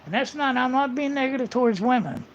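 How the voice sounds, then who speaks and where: A man's voice: very high voice, quick pace, a little hiss or hum. A man livestreaming a casual, rambling monologue, blunt and full of swearing, on muffled lo-fi audio.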